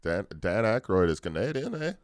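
A man's voice: on the low side, very animated, moderate pace, no room sound, clean studio sound. A man co-hosting a comedy podcast, joking around in a put-on Canadian accent and laughing often. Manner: jokey, puts on a mock Canadian accent ending lines with eh. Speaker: podcast co-host. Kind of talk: casual comedic banter.

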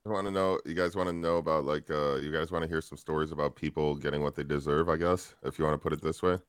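Low-voiced, laid-back podcast guy. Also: fairly even intonation, quick pace, clean tone, dry recording, clean studio sound. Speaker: podcast co-host. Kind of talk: casual chat, reading news items.

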